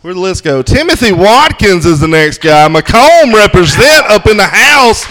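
A man's voice: high-pitched, sing-song, a bit bright, a little hiss or hum. A man hosting an open mic night, hyping the crowd and bringing up comedians. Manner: upbeat crowd hype, quick introductions. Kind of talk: introducing comedians. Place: comedy club stage.

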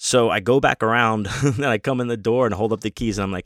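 A man's voice: lowish voice, steady tone, fast, few pauses, fairly bright tone, dry recording, studio quality. A man telling a rambling, profane story in a casual way, with many restarts. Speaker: convention guest.

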